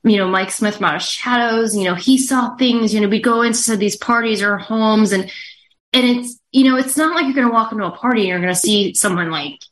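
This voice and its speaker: A woman talking as a show guest, halting and earnest, full of fillers and restarts. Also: on the high side, fairly bright tone. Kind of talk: casual interview talk.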